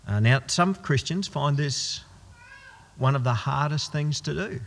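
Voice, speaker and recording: A man's voice: a little high, animated, a little slow, vocal fry. A man preaching a sermon as pastor, emphatic and posing rhetorical questions he answers himself. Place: church. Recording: long church hall reverb.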